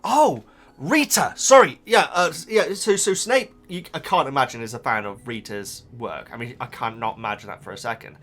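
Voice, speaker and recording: A young man with a medium-pitched, slightly bright voice reacts casually to a book he is reading. He rambles and halts, often pausing to laugh at himself.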